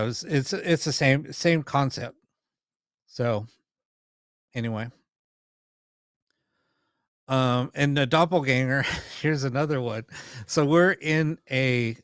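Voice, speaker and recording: Rambling man with a smooth, dry voice. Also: mid-range voice, fairly bright tone, no room sound. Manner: rambling, many ums and restarts, mild swearing. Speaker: paranormal investigator and live-stream host. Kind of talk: casual storytelling on a live stream.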